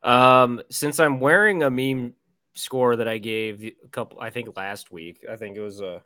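A man's voice: mid-range voice, unhurried, pushed and bright, no room sound. A man co-hosting a show, chatting casually and easygoing. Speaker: podcast co-host. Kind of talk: casual chat.

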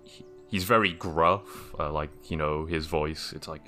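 Deep slow laid-back man. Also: steady tone, pushed and bright, faint music behind. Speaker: player. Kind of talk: casual chat.

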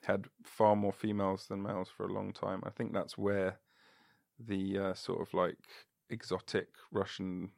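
Laid-back gravelly podcast host. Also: male voice, low voice, little pitch movement, normal speed, no room sound, studio quality. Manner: laid-back, rambling, laughs often. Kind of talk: casual chat.

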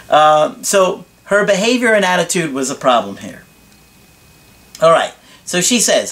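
A man's voice: on the high side, big pitch swings, unhurried, long pauses, fairly bright tone. A man who works as a relationship coach, reading a viewer's email aloud and commenting on it in a direct, frank way, asking pointed rhetorical questions.

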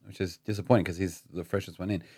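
A man's voice: sits low, steady tone, fast, warm tone, breathy edge, no echo, clean studio sound. A young Australian man co-hosting a casual sports chat, talking loosely, swearing now and then and reading out tweets. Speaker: podcast co-host. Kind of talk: casual chat about rugby league.

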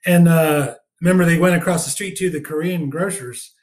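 A man's voice: a little high, fairly even intonation, normal speed. A man in casual chat, easygoing and agreeable, often backing up his friend. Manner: easygoing, agreeable, lots of yeahs. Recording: echoey room.

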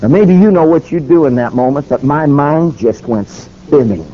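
Guy preaching a story, mellow dark voice, dull lo-fi recording w/ faint hiss. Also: on the high side, animated, moderate pace. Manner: dramatic, acts out quoted dialogue. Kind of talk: sermon storytelling.

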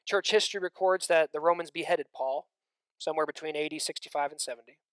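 A man's voice: fairly high pitch, fairly even intonation, quick pace, clean tone, dry recording. Dynamic male preacher, dry close sound. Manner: swings between loud emphatic stretches and hushed, near-whispered lines; conversational asides to the congregation. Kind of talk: sermon.

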